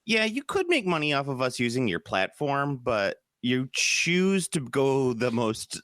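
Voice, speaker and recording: A podcast co-host chats casually, rambling through stories and often restarting his sentences. His medium-pitched voice is sing-song, unhurried and a bit bright, captured in clean studio sound with no room echo.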